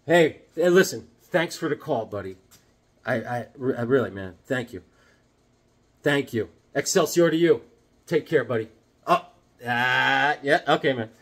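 A man in his fifties chatting casually about comic books to his viewers in a jokey, rambling, excitable way. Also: mid-range voice, normal speed. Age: 50s. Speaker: comic book vlogger. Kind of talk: casual chat to camera.

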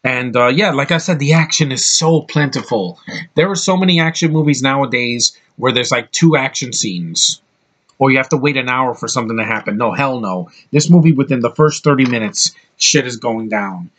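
A young man giving a casual, rambling movie review, excitable and full of fillers and swearing. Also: mid-range voice, moderate pace.

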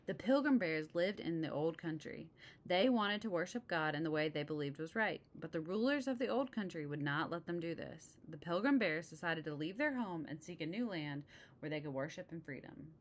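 A woman reading a children's picture book aloud in a lowish voice. She keeps it easy and casual, stopping now and then to add a friendly remark. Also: animated, normal speed, a little hiss or hum. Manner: casual asides between passages. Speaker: storybook reader.

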